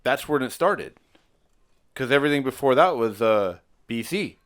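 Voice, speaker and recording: A man's voice: mid-range voice, animated, normal speed, fairly bright tone, clean tone. A middle-aged man, a father co-hosting a podcast, thinking aloud in rambling casual chat at home. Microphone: stand mic.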